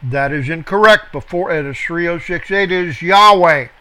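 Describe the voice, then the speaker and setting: A man teaching a verse-by-verse Bible study, slow and deliberate, pausing to spell out words and correct himself. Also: on the high side, pushed and bright.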